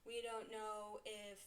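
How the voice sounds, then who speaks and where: A woman's voice: medium pitch, a bit bright, recorded from a distance. A woman reviewing a TV series in casual chat, rambling with many fillers and exasperated asides.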